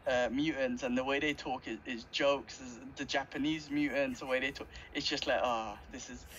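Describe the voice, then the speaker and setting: A man's voice: mid-range voice, level tone, normal speed, a bit bright. A man co-hosting a podcast, chatting animatedly about cartoons and laughing often. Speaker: podcast co-host. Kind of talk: casual chat. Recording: slightly dull audio with faint background noise.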